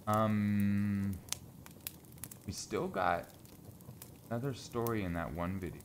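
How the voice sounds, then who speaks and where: A man's voice: on the low side, slow, slight background noise. A man chatting casually on a live stream from a home closet, laid-back and joking, swearing freely, a little stuffy from sinus trouble.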